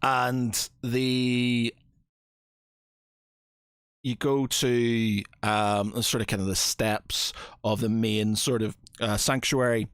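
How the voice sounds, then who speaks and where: Brief: slow, halting male game master, middle pitch, dry close sound. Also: no room sound. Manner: hesitant, many fillers, slow. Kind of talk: narrating a tabletop game.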